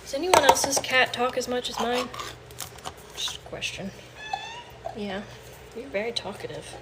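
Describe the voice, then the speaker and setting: Woman, fairly high voice, casual livestream chat, home kitchen, noisy background. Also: unhurried. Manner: chatty, coos baby talk to her cat. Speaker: livestream host.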